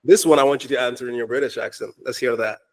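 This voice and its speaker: A man's voice: mid-range voice, fast talker. A man hosting a podcast interview, enthusiastic and affirming. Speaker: podcast host. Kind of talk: casual interview.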